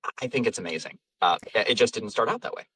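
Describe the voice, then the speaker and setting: A man's voice: lowish voice, lively intonation, fast, pushed and bright, breathy edge, dry recording, far from the mic, poor audio. A man, an audiobook narrator and voice actor, chatting casually in an interview, rambling and self-deprecating, laughing often. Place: home vocal booth.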